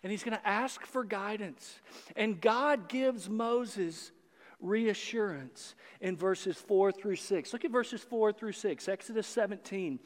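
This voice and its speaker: A man preaching a sermon as a pastor, animated, with playful sarcasm while reading scripture aloud. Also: high-pitched, slow pace. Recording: long hall reverb.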